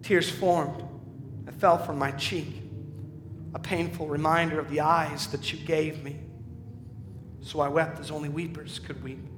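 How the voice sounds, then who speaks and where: A man's voice: on the high side, steady tone, measured pace, long pauses, background noise, close to an everyday voice. A man voicing Bartimaeus, a healed blind beggar, in an impassioned dramatic recital of a poem. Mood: grieving. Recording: echoey hall reverb.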